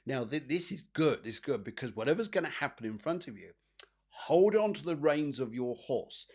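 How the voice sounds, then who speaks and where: A man's voice: mid-range voice, darkish tone. A man hosting a live psychic show, giving chatty, rambling readings and often repeating his phrases. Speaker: psychic medium host.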